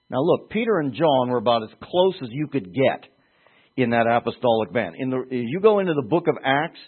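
Husky-voiced preacher on a tinny line. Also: male voice, mid-range voice. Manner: conversational, emphatic, rhetorical questions. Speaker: preacher teaching from scripture. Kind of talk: sermon, Bible teaching. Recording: tinny phone-like sound.

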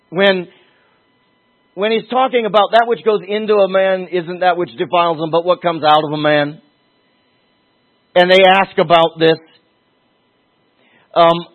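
Husky man preaching over a tinny line. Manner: emphatic, with sudden pitch leaps and slowed stresses. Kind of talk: sermon.

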